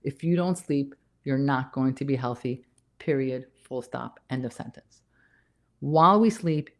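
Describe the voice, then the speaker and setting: A woman nurse practitioner gives a casual health talk in an extremely low, darkish voice. She's emphatic and repeats her key points, sounding slightly out of breath.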